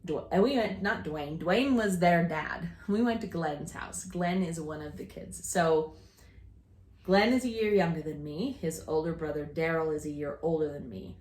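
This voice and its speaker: A woman in her fifties chats casually and tells family stories with restarts and easy laughter. Her voice sits fairly low, and the room around her is echoey and live. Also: moderate pace, darkish tone. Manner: chatty, rambling storyteller with restarts and laughter. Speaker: podcast co-host telling family stories. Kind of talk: casual chat.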